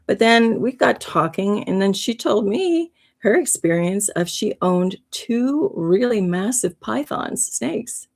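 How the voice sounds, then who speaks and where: A woman's voice: medium pitch, vocal fry, a little mellow. A woman hosting a livestream, telling a heartfelt spiritual story in an earnest, rambling way. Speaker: livestream host.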